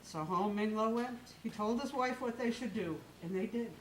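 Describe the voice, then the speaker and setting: A woman telling a folk tale aloud on stage in a lively, expressive way. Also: on the high side, normal speed, slight background noise. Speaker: storyteller. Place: live stage in a hall. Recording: echoey hall from far off.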